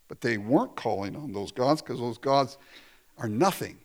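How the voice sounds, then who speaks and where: Lively, animated male preacher. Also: mid-range voice, moderate pace. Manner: conversational preaching with laughs and quoted asides. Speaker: pastor. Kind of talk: sermon.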